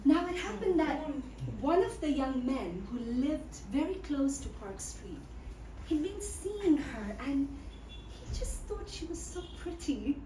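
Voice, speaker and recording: A woman storyteller with a high, lively voice, telling her tale slowly and playfully to a live group. She is heard from some way off the mic in an echoey room, with clear background noise. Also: recorded from a distance. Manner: playful, drawing the audience in.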